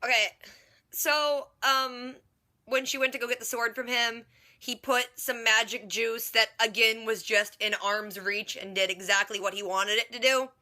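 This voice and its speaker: Woman vlogger, TV recap; sarcastic, rambling, lots of "like"; sharp bright tone. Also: a little high, steady tone, unhurried. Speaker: TV reaction vlogger. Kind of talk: casual TV episode recap.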